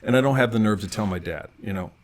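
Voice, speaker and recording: A middle-aged man, a podcast guest, telling lively anecdotes in casual conversation and often restarting his sentences. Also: on the low side, quick pace. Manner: animated anecdotal storyteller with frequent restarts. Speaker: podcast guest, actor and writer. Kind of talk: casual storytelling interview.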